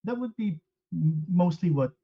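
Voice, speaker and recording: French Canadian caller, 30s, hesitant and halting, dull lo-fi line. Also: male voice, high voice, lively intonation, husky. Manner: hesitant, halting, many fillers. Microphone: call-in audio. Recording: dull lo-fi call audio.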